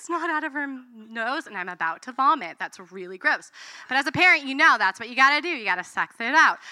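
A woman in her thirties, a mother preaching a sermon, telling lively stories and acting out what people said. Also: high voice, no room sound. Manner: animated storytelling, acts out quotes.

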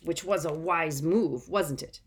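A woman puts on a gruff, growling old fighter who mutters his contempt in a storybook reading. His voice is low and sardonic. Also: a little slow.

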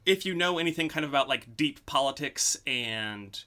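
A man hosting a casual podcast, rambling through a story with lots of ums and pauses. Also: medium pitch, expressive, bright, forceful tone. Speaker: podcast host.

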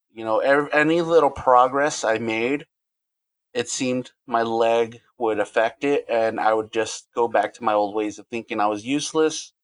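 Earnest man, halting and candid. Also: on the low side, no echo. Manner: earnest, halting, with frequent restarts. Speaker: podcast guest. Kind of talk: candid interview talk.

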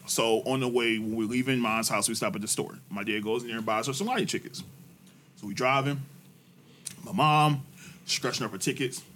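Speaking fairly quickly over slight background noise, a man co-hosting a podcast recounts family stories casually, heavy on swearing and slang. He restarts sentences often, stays animated and laughs through the punchlines in loud high bursts.

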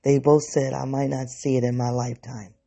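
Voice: medium pitch, flat delivery, a little fast, vocal fry, mellow. A vlogger giving a reflective personal monologue, thinking aloud and correcting themselves as they go.

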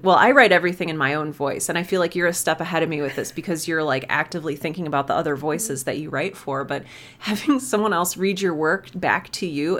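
A woman guest on a podcast over a video call, a writer talking about her craft in an enthusiastic, thoughtful way. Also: low voice. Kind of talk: casual interview chat.

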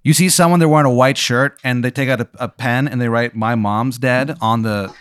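A man hosting a comedy podcast, telling a profane hypothetical in a deadpan way, often dropping to a low murmur. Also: a little fast, clear, resonant tone, no room sound. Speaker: podcast host posing a hypothetical. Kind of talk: casual comedic storytelling.

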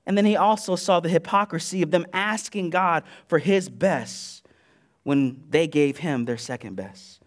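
A man with a very high voice preaches to his church on a PA mic. He keeps it conversational, acts out the voices he quotes, and swings his delivery between loud and soft. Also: moderate pace. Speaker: pastor. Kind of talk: sermon. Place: church sanctuary.

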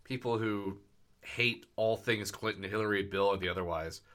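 A man co-hosting a casual podcast talks politics in a sardonic, rambling way. His voice is bright and forward, and he often stops to restart a thought. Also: fairly low pitch, fairly even intonation, normal speed. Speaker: podcast co-host.

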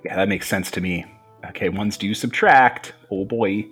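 A man's voice: lowish voice, big pitch swings, unhurried, a bit bright, breathy edge, faint music behind. A man playing a tabletop game, joking and talking through his plans playfully. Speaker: player. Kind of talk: casual tabletop play.

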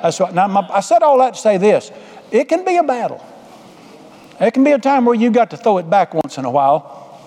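Fast-talking preacher, hall echo. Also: male voice, high voice, big pitch swings, warm tone. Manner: folksy, humorous, drawling storyteller. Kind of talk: folksy storytelling sermon. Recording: echoey hall.

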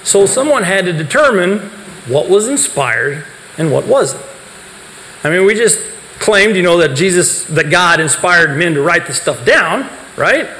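A man's voice: high voice, big pitch swings, measured pace, bright, forceful tone. A man gives a talk to a youth group, explaining points and putting questions to the listeners, then answering them himself. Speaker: speaker teaching a youth group. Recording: reverberant hall, faint background noise.

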